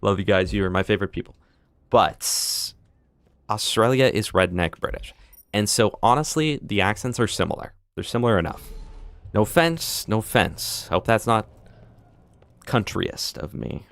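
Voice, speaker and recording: Young male streamer, lowish pitch, lively jokey rambling delivery. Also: moderate pace, no room sound. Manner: joking, rambling, breaks into silly voices. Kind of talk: live gameplay chat.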